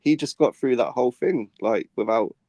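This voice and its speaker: A man joining a casual stream chat as a guest, halting and stumbling over his words. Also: medium pitch, dark tone, no echo.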